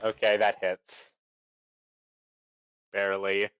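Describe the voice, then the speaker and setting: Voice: low voice, completely flat delivery, slow pace, fairly bright tone, smooth, rough recording. A player at a tabletop game, chatting casually with dry jokes. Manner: dry, joking.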